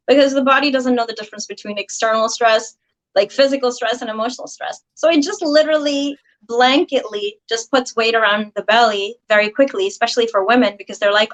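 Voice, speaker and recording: A woman practitioner of hypnosis and NLP, explaining her ideas at a steady pace as a guest on a video call. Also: a little high, low-quality recording. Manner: steady, explaining, slows to spell things out. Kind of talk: explanatory interview talk.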